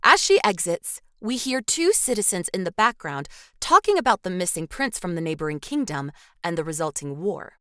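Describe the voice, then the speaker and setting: A woman's voice: lowish voice, big pitch swings, normal speed, few pauses, sharp tone, no room sound. A woman co-hosting a podcast, reading a film recap with dry little asides. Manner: scripted recap broken by dry quips. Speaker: podcast co-host.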